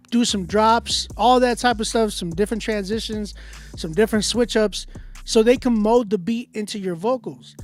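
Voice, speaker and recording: A man who is a music producer and engineer, giving loose, filler-heavy feedback on a live stream. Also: sits high. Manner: loose, conversational, many fillers and restarts. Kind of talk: casual livestream critique. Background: beat playing in the background.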